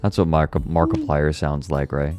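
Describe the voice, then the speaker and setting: A man casually chatting with viewers on a livestream, laid-back, a little hoarse, swearing now and then. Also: rumbling low, moderate pace, faint music behind. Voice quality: slightly hoarse relaxed voice.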